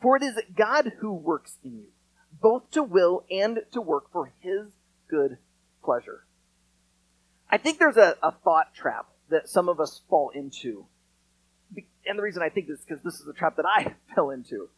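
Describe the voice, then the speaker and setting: A man preaching a sermon in a casual, conversational way, acting out quotes with lively storytelling. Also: high voice, normal speed, no echo, low-quality recording. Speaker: pastor.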